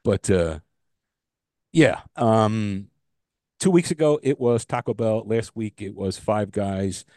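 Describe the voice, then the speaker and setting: A man's voice: lowish voice, slow, warm tone, dry recording, clean studio sound. A middle-aged man co-hosting a casual podcast, telling stories and jokes in a loose, joking way with the odd swear. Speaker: podcast co-host. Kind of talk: casual chat.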